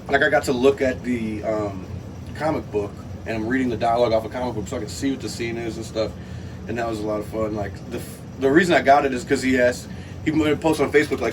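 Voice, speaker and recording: A man talking as a podcast guest, relaxed and rambling, with lots of fillers. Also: medium pitch, fairly quick. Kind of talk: casual chat. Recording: distant mic with clear background noise.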